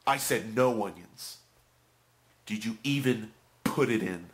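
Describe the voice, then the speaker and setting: A man voicing an irate male customer who snaps curtly and loudly about his order, in a low voice. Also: little pitch movement, normal speed, gravelly. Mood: angry. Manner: loud, threatening, curt. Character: irate middle-aged male customer shouting about onions.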